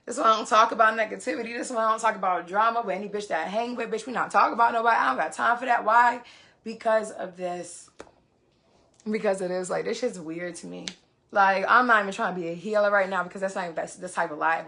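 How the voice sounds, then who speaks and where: Woman vlogger ranting to her viewers, lots of swearing, repeats herself, bright edgy voice. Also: medium pitch, vocal fry. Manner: profane, emphatic, repeats phrases for stress. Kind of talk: heated casual venting to viewers.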